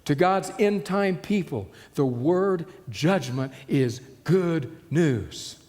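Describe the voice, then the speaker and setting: Male preacher, a touch high-pitched, dramatic sermon delivery with hushed emphasis, echoing hall sound. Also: lively intonation, takes it slowly. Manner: dramatic shifts between loud and hushed delivery.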